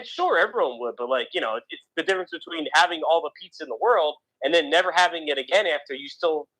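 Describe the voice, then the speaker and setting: A man with a faint East Coast accent rambles gloomily in a casual radio podcast chat. His voice sits a little high, and he keeps restarting his sentences, leaning on fillers like "like" and "you know.". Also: animated, fast talker, hardly any pauses, bright, forceful tone, poor audio. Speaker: podcast co-host.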